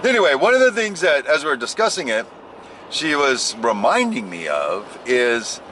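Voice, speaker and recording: Driving on the road, a construction boss chats casually to a camera inside his car, joking around and ranting about his work day. His medium-pitched, fairly bright voice swoops wildly in pitch at a moderate pace, with slight background noise.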